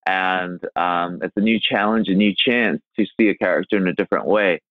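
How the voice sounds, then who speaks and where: A man's voice: low-pitched, fairly quick, no echo. A man from China, a guest actor in a podcast interview, speaking earnestly and emphatically with rhetorical questions. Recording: tinny phone-like remote line.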